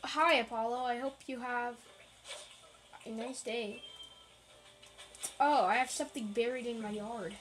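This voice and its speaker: A woman's voice: fairly high pitch, steady tone, measured pace, pauses often, a bit bright, rough recording. A woman giving casual, rambling, playful commentary while playing a video game, with jokey asides. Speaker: gaming channel host.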